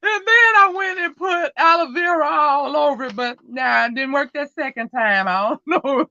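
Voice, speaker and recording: Bright, chatty woman hosting a livestream. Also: high voice, normal speed, no room sound, lo-fi sound. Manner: chatty storyteller who laughs often. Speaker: livestream host. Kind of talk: casual livestream chat.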